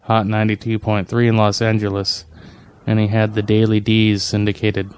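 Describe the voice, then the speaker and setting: A man's voice: on the low side, completely flat delivery, normal speed, a little mellow, clean tone, dry recording. A man co-hosting a casual podcast, rambling with curious questions and reading out trivia. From US Northwest. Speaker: podcast co-host. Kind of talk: casual chat.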